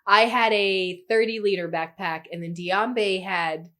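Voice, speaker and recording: A woman's voice: mid-range voice, measured pace. A woman guest on a travel podcast, chatting casually and chiming in with short replies. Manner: relaxed, chimes in with short backchannels. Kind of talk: casual chat.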